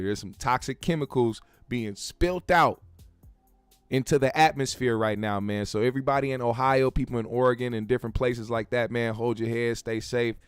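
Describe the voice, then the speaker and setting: A man's voice: medium pitch, clean tone, dry recording. A man hosting a show, giving laid-back, joking commentary full of profanity. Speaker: show host. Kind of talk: casual commentary.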